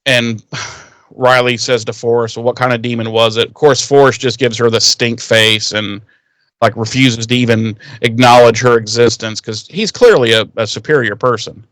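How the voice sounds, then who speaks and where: With no room sound behind him, a man speaks at a moderate pace and medium pitch. He's co-hosting a podcast and retelling a TV episode in casual recap style. It's an animated, foul-mouthed account stuffed with quoted character lines.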